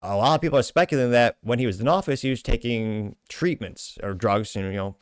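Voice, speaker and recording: A man's voice: medium pitch, a little fast, clear, resonant tone, dry recording. Male commentary host, mid-range voice, casual and wry, dry close recording. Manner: conversational, self-correcting with frequent fillers; sardonic asides. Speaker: show host. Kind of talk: commentary podcast reading social media replies.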